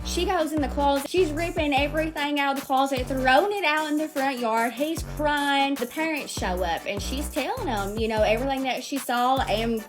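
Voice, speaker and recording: Woman, high-pitched, young adult, gossipy storyteller, dramatic, chatty, music bed behind. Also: normal speed, hardly any pauses. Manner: chatty, dramatic, teasing asides to the listener. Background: background music.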